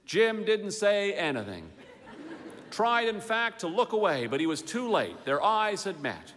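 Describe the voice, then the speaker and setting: A man's voice: high voice, big pitch swings, unhurried, fairly bright tone, slight background noise. A man reading a humorous story aloud with dry, wry narration. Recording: long hall reverb.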